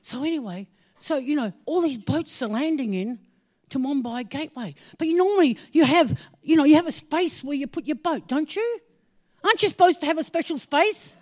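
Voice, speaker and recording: A woman with a high voice preaches through a personal story, dropping to near-whispers for solemn points and rising to excited exclamations. Her telling is animated and full of laughter. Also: moderate pace.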